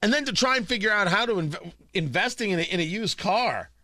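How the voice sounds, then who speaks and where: A man's voice: high-pitched, animated, a little fast, sharp tone, no echo, studio quality. A man hosting a talk radio show, rambling in a monologue full of stammered restarts and sarcastic asides.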